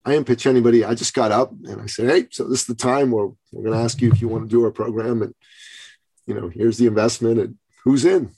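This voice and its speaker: A man hosting an interview, telling a business story in a casual, animated way and acting out the quotes. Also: mid-range voice, quick pace, husky. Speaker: podcast host.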